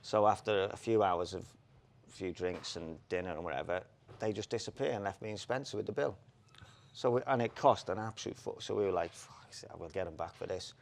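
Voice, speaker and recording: A man, a former jockey co-hosting a podcast, telling racing anecdotes in a lively, casual way. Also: fairly low pitch, a little fast, gravelly. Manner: animated anecdotes, laughs, quotes people in put-on voices. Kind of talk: casual storytelling chat.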